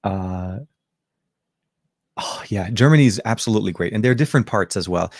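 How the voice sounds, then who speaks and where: In clean, echo-free studio audio, this host's lowish voice moves fairly quickly with lively intonation. He's from Lebanon, a native Arabic speaker with an American accent and slight Arabic undertone, chatting casually on a tech show. The talk is rambling and self-correcting, packed with fillers and restarts.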